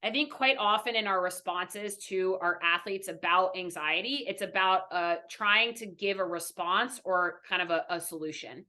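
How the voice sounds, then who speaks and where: A woman's voice: fairly low pitch, normal speed, hardly any pauses, sharp tone. A young adult woman, a mindfulness coach on a podcast interview, explaining earnestly and checking in with "right?" after nearly every point. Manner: earnest, frequent "right?" tags, teacherly.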